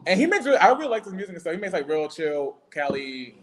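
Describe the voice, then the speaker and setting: A man's voice: high-pitched, big pitch swings, quick pace, poor audio. A male guest in a casual chat, talking in a blunt, joking, profane way.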